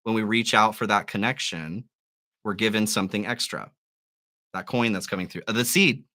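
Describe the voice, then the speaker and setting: A man with a bright, forceful tone hosts a live tarot stream. He muses over each card aloud and encourages his listeners gently. His voice sits on the lower side. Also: a little fast. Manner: musing, gently encouraging, with soft laughs. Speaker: tarot reader.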